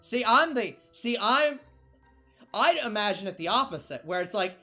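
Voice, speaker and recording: A man's voice: high-pitched, very animated, normal speed, pushed and bright, soft background music. A man co-hosting a casual gaming stream, laughing often and reading chat aloud as he banters. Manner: laughing, self-interrupting, reads chat aloud. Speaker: stream co-host.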